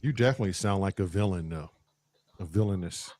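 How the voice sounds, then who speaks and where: A man's voice: low-pitched, quick pace, a little mellow, a little hiss or hum. A man co-hosting a live stream, swearing and rambling through jokes. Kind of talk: casual group chat.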